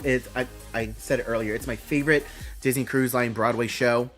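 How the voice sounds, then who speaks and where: A man's voice: mid-range voice, quick pace, faint music behind. A man hosting a live stream, reading out announcements and thinking aloud with a rambling, casual manner.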